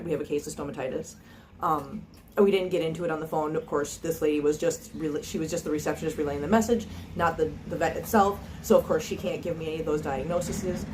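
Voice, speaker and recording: Recorded on a phone camera with a little hiss or hum, this cat channel vlogger has a fairly low, darkish voice. She chats earnestly and casually to her viewers, restarting often and saying um a lot.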